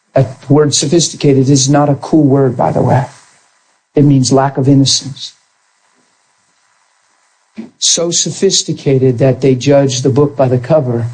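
A man preaching a sermon as pastor, animated, moving between soft asides and high, straining peaks. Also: breathy edge, poor audio.

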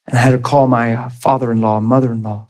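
A man in his thirties or forties preaches his personal testimony as a story, talking fast in a mid-range voice. He's animated, laughs often, and acts out the scenes.

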